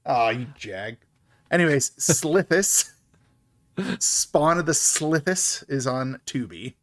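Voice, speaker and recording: A man's voice: medium pitch, animated, slow pace. A man co-hosting a podcast, chatting casually about a horror movie and laughing often. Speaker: podcast co-host. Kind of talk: casual movie review chat.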